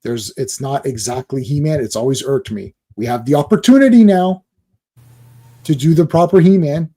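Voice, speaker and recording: Ranting man host, fairly high voice. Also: lively intonation, warm tone. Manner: ranting, profane, quick impressions of others. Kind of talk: live-stream chat.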